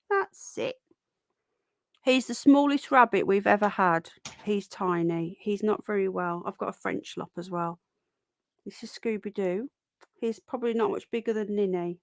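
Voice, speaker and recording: Chatty Birmingham woman, livestream host, gravelly edge, mid-pitched. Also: dry recording, studio quality. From Birmingham, England. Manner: chatty, rambling, cooing over her pet rabbits. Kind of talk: casual livestream chat.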